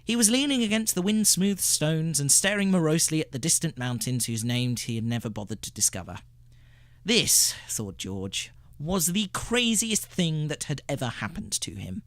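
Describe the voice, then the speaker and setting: A man hosting a radio show reads a short story aloud. His narration is expressive and rises and falls a lot, his voice sits a little high, and the sound is dry and close to the mic. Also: moderate pace, no room sound. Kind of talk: scripted narration.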